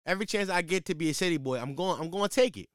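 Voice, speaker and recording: A man in his twenties telling a casual, profane story in slang, with his voice jumping high when he gets exasperated. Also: very fast, no room sound, clean studio sound.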